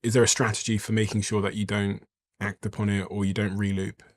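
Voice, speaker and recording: A man hosting a podcast, reading a sponsor message and asking questions in a measured, steady way. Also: lowish voice. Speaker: podcast host. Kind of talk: sponsor read and interview questions.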